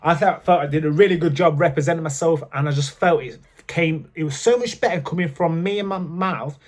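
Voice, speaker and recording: A man's voice: a little high, fairly quick. A man telling candid personal stories to camera in a chatty way, with frequent fillers. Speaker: vlogger. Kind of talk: casual storytelling to camera.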